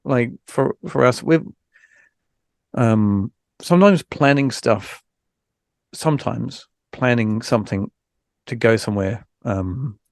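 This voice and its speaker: Male podcast host; gravelly, dry close sound; frank, rambling, tired. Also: medium pitch, slow pace, pauses often, dry recording. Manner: frank, rambling, many fillers and restarts. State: recovering from illness, low energy. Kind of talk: casual podcast chat.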